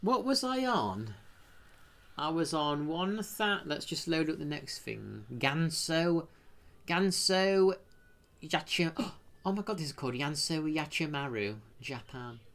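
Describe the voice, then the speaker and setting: A British man chatting casually on a live stream. He rambles, thanks viewers from the chat, and breaks into sudden excited exclamations. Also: a little high, measured pace, creaky.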